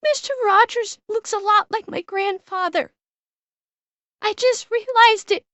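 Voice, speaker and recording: A woman's voice: very high voice, measured pace, a bit bright, no room sound. A woman streamer chatting casually and exclaiming emotionally to her viewers on a close desk mic. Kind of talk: casual live-stream chat.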